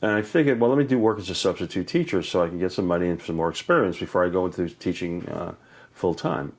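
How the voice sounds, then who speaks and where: Older male educator guest, low voice, lively anecdotes with laughter. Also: fast talker. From Brooklyn, New York. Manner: animated, laughs often, acts out voices in stories. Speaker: educator and author, interview guest. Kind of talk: warm anecdotal storytelling.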